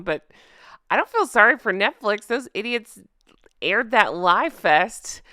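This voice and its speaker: A woman vlogger giving casual, sarcastic commentary, animated and laughing often, in a voice she jokingly calls a drunk goose's. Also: mid-range voice, clear, resonant tone, no room sound, clean studio sound. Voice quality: self-described drunk-goose voice.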